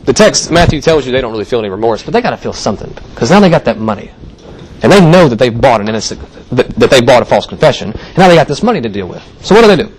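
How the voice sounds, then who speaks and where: A man preaching a sermon in a church, his voice set at a middle pitch. He tells the story plainly and casually, slipping into the voices of the people in it. A faint hiss of noise sits under the recording. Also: very animated, very fast, poor audio. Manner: conversational storytelling, acting out quoted voices. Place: church sanctuary.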